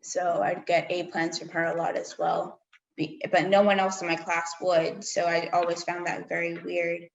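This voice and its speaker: Teen girl, low gravelly voice, roomy hall, candid storyteller. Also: flat delivery, normal speed, muffled recording. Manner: candid, storytelling with acted-out quotes. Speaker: student panelist. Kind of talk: personal account at a panel discussion. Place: public library meeting room.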